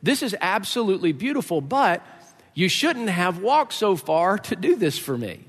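A man voicing a grateful young woman in a sermon story, in a gentle storytelling way. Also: high-pitched, sing-song, moderate pace, breathy edge, pitched above the performer's own voice, full character voice. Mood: touched. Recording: echoey hall.

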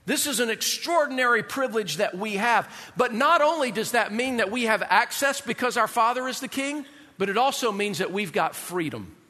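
Male pastor, high bright voice, lively sermon delivery, long hall reverb. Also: moderate pace. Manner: animated, rhetorical questions to the congregation.

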